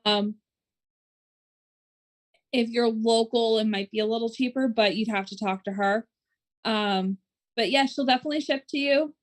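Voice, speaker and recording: A woman's voice: on the high side, moderate pace, long pauses. A woman co-hosting a casual podcast chat, running through plugs with plenty of "um" fillers. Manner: chatty, many "um" fillers, doing show plugs. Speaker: podcast co-host.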